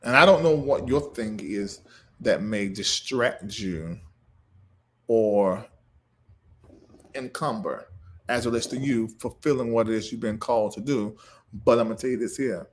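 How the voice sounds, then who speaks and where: A man's voice: mid-range voice, measured pace, long pauses. A man hosting a livestream, talking emotionally and preacher-like to viewers, laughing through grief and reading out their comments. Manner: reads viewer comments aloud and greets them. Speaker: livestream show host.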